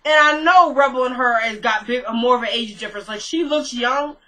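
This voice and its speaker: A woman's voice: on the high side, fairly quick, pushed and bright, poor audio. A woman chatting casually to her viewers as she recaps a TV episode, thinking aloud and questioning what she saw.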